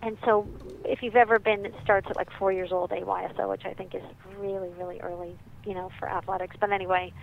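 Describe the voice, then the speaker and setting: A woman joins by phone, so her voice comes through thin and tinny with a faint hiss behind it. She speaks with animated emphasis and acts out the people she quotes. Her pitch sits in a middle range. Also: fast talker, creaky, few pauses. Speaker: guest parenting author. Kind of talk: interview on parenting. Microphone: phone line.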